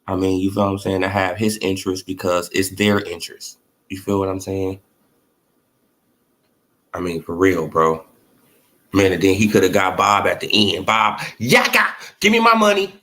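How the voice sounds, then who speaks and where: A man's voice: level tone, normal speed, long pauses, a bit bright. A man giving casual boxing opinions, loose and slangy, often asking if you feel what he's saying. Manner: acts out imagined dialogue in swinging pitch. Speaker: boxing commentary vlogger.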